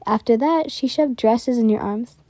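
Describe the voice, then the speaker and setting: A young woman telling a whispered role-play story softly, giggly and easily flustered, close to the mic. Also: on the high side, normal speed, dry recording.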